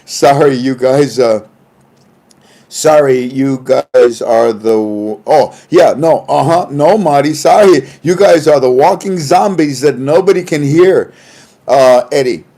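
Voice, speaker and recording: A man with a mellow, darker voice talks through reports in a casual livestream commentary. He keeps breaking into chuckling asides, trailing off and restarting his sentences, and he records on a phone. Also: mid-range voice, slow pace. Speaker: online commentator.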